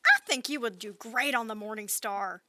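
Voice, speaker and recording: A woman's voice: on the high side, normal speed, sharp tone, a little hiss or hum. A woman voicing Pema, a blunt local with a dry, offhand manner, in a tabletop role-play game.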